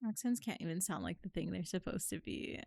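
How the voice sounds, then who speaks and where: A woman's voice: fairly low pitch, lively intonation, fairly quick, vocal fry, warm tone, no echo. Young woman gaming stream, chatty and rambling, laughs at herself, dry close sound. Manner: chatty, rambling, self-deprecating. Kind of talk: casual gameplay commentary.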